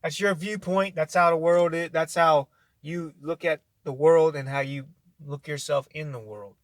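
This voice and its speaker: A man's voice: on the high side, normal speed, dry recording. Blunt, profane man ranting. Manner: blunt, profane, rambling with restarts; argumentative, addresses listener directly. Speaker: vlogger. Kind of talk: casual rant to camera.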